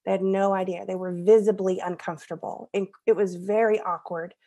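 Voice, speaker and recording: A woman in her thirties speaking as a podcast guest, at a middle pitch. She tells a family story in an earnest, conversational way and now and then laughs at herself. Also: steady tone, brisk, mellow.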